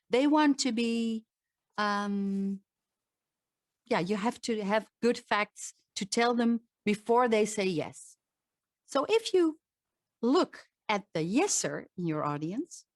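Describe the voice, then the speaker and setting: A middle-aged woman with a Dutch accent, a voice and presentation coach giving an online talk, speaking slowly and emphatically with frequent restarts. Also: on the high side, no echo, studio quality.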